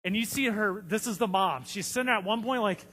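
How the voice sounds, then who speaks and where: A man's voice: high-pitched, fairly quick, fairly bright tone, big-room sound. A man preaching a sermon as a pastor, telling stories in a conversational way with frequent fillers. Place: church sanctuary.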